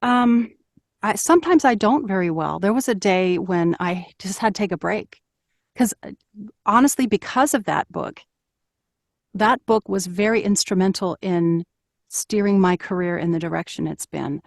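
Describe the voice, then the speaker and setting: A woman's voice: mid-range voice, normal speed, creaky, dry recording, clean studio sound. A middle-aged woman, an audiobook narrator, talking earnestly and reflectively as a guest in an interview, with fillers and restarts. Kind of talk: conversational interview.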